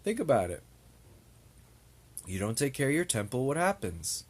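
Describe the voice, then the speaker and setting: A young vlogger, plainly exasperated, rambles and rants to the camera, repeating himself in an annoyed manner. His mid-range voice swings widely in pitch and keeps a normal speed.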